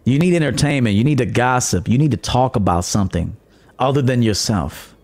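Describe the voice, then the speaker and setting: A man's voice: expressive, fairly quick, a little mellow. A man hosting his own podcast as a dating coach, talking bluntly and profanely, mocking others and laughing at his own jabs. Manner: mimics commenters in a high mocking voice. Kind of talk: blunt monologue.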